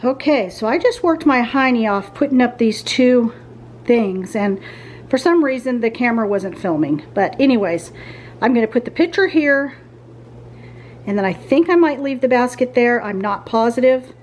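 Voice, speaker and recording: Middle-aged woman, home vlogger, bedroom, thinking aloud, indecisive, chatty, slightly high voice. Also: lively intonation, moderate pace, a little mellow, slight background noise. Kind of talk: casual vlog chat while tidying.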